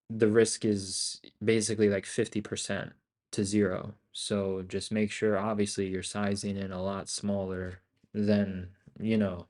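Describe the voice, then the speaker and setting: A young man with a somewhat low voice talks through a live trading session. He speaks in loose, profane, excitable bursts and mutters to himself between thoughts. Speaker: day trader streaming live.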